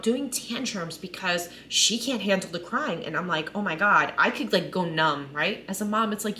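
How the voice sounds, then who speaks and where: A woman's voice: on the low side, pushed and bright, a little hiss or hum. A woman in her thirties talking candidly to camera, emotional and conversational, often saying "like" and "right?". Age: 30s. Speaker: mother sharing her story. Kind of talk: personal vlog monologue.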